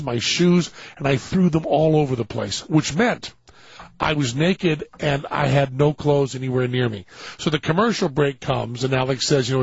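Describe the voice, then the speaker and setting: A man hosting a talk show, telling a long comic anecdote in an animated way and acting out other people's lines. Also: medium pitch, creaky, breathy edge, no echo. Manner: animated storyteller, acting out quoted voices. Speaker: radio show host telling a story. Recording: dull lo-fi dry studio sound.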